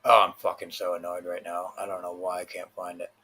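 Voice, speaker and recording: A man's voice: deep voice, completely flat delivery, fairly quick, sharp tone, breathy edge. A man hosting a livestream, ranting with constant swearing and frustrated rambling. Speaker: livestream host.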